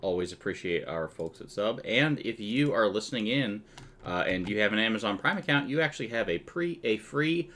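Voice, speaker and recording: A man narrating a tabletop game as its game master, with a low voice that comes through bright and forceful. His delivery is chatty and loose, full of asides. He laughs often between descriptions. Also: expressive, fairly quick, a little hiss or hum.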